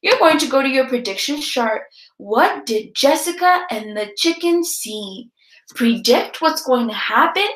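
Brief: high-voiced woman teacher, expressive read-aloud, echoey room. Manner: expressive storytelling, guiding pauses.

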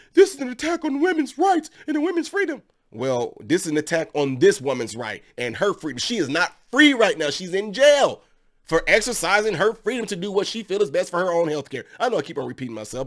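Male host, higher voice than most men, sarcastic emphatic commentary, keeps hammering rhetorical questions.

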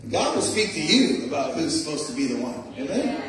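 A middle-aged man preaches a lively sermon in a church, laughing easily and checking in with the congregation. His voice sits a bit high for a man. It rings through a very echoey sanctuary, picked up from some distance off the mic. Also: brisk, a crowd in the background. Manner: animated, laughing, calls out "Amen?" to the congregation.

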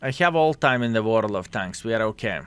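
A man's voice: lowish voice, lively intonation, a little fast, a bit bright, smooth, no room sound. Chatty man commentating gameplay. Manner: chatty, addresses viewers as fellas, playful jokes. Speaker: gaming commentator.

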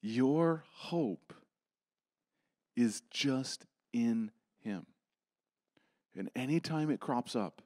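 A man preaches a sermon in a mid-range voice. He builds to strong emphasis, then drops to soft, near-whispered reassurance. The sound is close and dry, with little room echo. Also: mid-range voice, animated, slow pace, pauses often. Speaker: pastor. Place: church.

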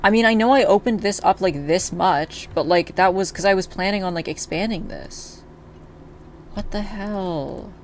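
A man streams a video game, talking casually with his chat in a high voice at normal speed with hardly any pauses. When things go wrong he swears freely, and there's slight background noise.

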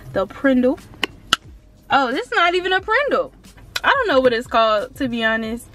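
A bubbly teenage woman giving a casual vlog tour from inside her car. Her voice sits a little high, and she gushes and rambles with constant fillers. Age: around 19. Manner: excitable and chatty, full of fillers like "like" and "um". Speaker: vlogger.

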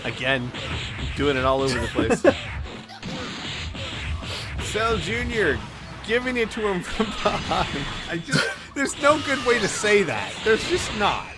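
Man, casual fight commentator, playful, laughs a lot, loud music behind. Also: sits high, big pitch swings, unhurried, pauses often. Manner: joking, easily distracted, laughs often. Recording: loud game music under the voice.

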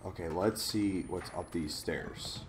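A man's voice: low voice, unhurried. A man giving let's play commentary on a horror game, jumpy and jokey, swearing when startled. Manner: jokey, talks to the viewer. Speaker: gaming video host.

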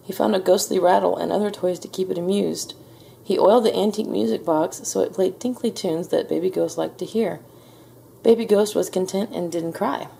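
A woman reading a children's picture book aloud in a gentle, measured storytelling manner. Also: on the low side, vocal fry, slight background noise. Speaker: storybook reader. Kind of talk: children's read-aloud narration.

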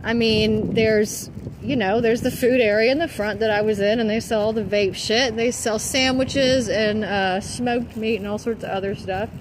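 A woman's voice: a little high, fairly even intonation, normal speed. A woman from the American South with a light Southern accent, talking candidly and casually as she walks around town, swearing now and then and saying "like" a lot. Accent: Southern US, mostly toned down. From Southern United States. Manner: chatty, candid, swears, heavy use of "like". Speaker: vlogger. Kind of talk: casual walking vlog. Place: outdoors on a town walk, into shops. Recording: noisy outdoor street ambience.

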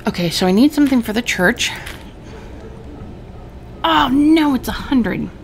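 A woman's voice: sits high, lively intonation, unhurried, a little hiss or hum. A woman hosting a gaming let's-play, chatting and musing aloud as she reads and makes choices. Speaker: gaming host.

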